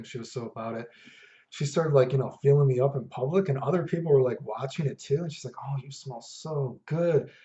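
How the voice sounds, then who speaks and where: A man's voice: mid-range voice, dark tone. A man casually telling stories to camera about reactions to his fragrances, rambling with lots of fillers and asides. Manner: rambling, laid-back, many fillers and asides. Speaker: fragrance vlogger. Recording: echoey room, dull lo-fi sound.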